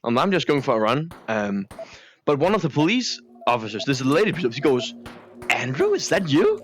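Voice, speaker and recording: A man telling long deadpan joke stories that all end on the same pun, rambling with many fillers and restarts. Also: medium pitch, normal speed, soft background music. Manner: rambling, filler-heavy, repeats the same punchline. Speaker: joke teller.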